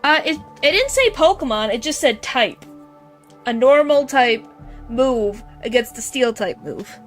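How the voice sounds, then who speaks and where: A woman's voice: high-pitched, expressive, unhurried, faint music behind. A woman streamer giving casual gameplay commentary, chatty and joking as she reads game dialogue aloud.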